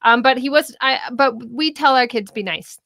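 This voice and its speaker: A middle-aged woman co-hosting a casual political chat show, talking in an animated way, often laughing and sometimes swearing. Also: high voice, normal speed, dry recording. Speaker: co-host.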